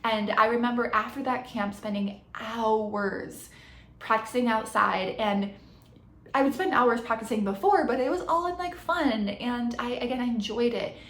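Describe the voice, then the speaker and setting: Earnest woman coach in an echoey room. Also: fairly high pitch. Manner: earnest, reflective, frequent restarts and self-corrections. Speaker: podcast host and coach. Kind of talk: personal storytelling monologue.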